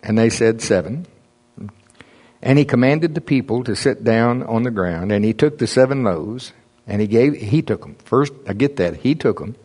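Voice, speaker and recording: A man's voice: medium pitch, expressive, moderate pace, a little mellow. A man preaching a casual, conversational sermon, reading scripture and explaining it with frequent chuckles.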